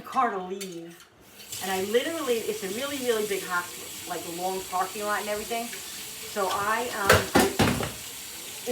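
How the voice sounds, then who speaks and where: A woman's voice: mid-range voice, heavy background noise. A middle-aged woman vlogger telling a long personal story in a casual, rambling way, full of restarts and asides. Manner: rambling, emotional, many restarts and "you know"s. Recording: echoey kitchen from far off, clattering dishes.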